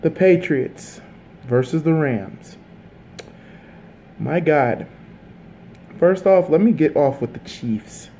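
A fired-up sports vlogger ranting straight to the camera. The voice swings up and down constantly, lively and animated, with frequent swearing, repeated phrases and restarts as the frustration spills out. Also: medium pitch, slow, long pauses, a little hiss or hum. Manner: heated, profane, repeats himself and restarts mid-sentence. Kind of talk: casual sports rant to camera.

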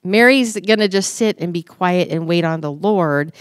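Lively woman telling her story. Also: lowish voice, normal speed, clean tone, no echo, studio quality. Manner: animated, acts out her own inner dialogue. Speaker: podcast guest, church staff member. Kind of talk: casual storytelling conversation.

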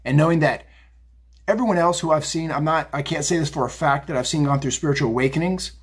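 Husky man ranting with profanity. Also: fairly high pitch, fast talker. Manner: blunt, swearing, fired up, rambling. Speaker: tarot reader. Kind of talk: casual profane psychic rant. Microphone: phone video.

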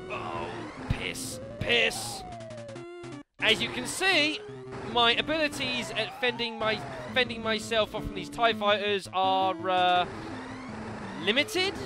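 A man commentating a video game, excitable and self-mocking, yelling at the enemies. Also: very high voice, unhurried. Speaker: let's play commentator. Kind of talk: gaming commentary. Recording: game music behind the voice.

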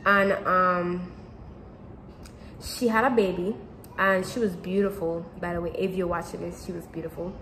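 A woman's voice: lowish voice, fairly even intonation, moderate pace, fairly bright tone, a little hiss or hum, rough recording. A teenage girl telling a personal story to camera in casual chat, rambling and repeating herself with lots of fillers. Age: teens. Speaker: vlogger.

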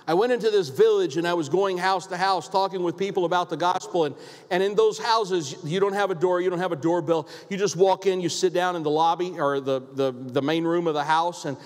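High-voiced preacher man, emphatic, reverberant hall. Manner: emphatic, repetitive preaching with rhetorical questions. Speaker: pastor. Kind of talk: sermon. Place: church sanctuary.

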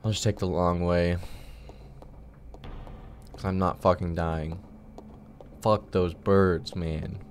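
Low-voiced swearing gaming commentator. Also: male voice, steady tone, slow, pauses often, a little hiss or hum. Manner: swears a lot, frustrated muttering at the game. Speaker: gaming channel host. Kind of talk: casual gameplay commentary. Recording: keyboard and mouse clicks behind.

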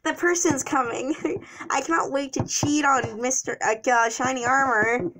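A woman's voice: sits high, fairly even intonation, normal speed, fairly bright tone, a little hiss or hum. A woman voicing a scheming young wife who giggles and talks in a conspiratorial way. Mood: sly.

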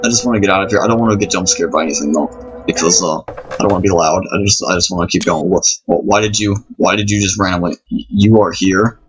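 A man's voice: deep voice, quick pace, slight background noise. A man giving nervous let's-play commentary on a horror game at home at night, rambling, apologizing and repeating himself. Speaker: gamer playing a horror game. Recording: dull lo-fi recording over game music. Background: game music.

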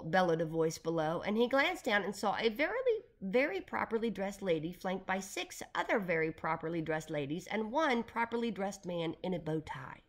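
A woman narrating a children's chapter book aloud. Her reading is lively and expressive, with a mid-range pitch. The pace is even and relaxed. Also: normal speed, few pauses. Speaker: audiobook reader.

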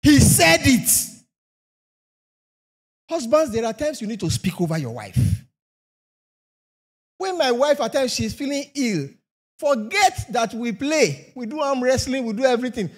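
A man preaching in a strikingly high voice that swings widely in pitch. He hammers his points with rhetorical questions and repeated phrases. The delivery is emphatic sermon preaching. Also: big pitch swings, unhurried, pauses often.

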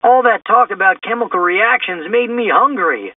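A man puts on the voice of a jumpy, always-hungry teenage boy for a storybook, sliding high and squealing when he gets scared. The voice sounds husky, and it comes from a distance over a tinny, phone-like line. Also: animated, moderate pace, no room sound.

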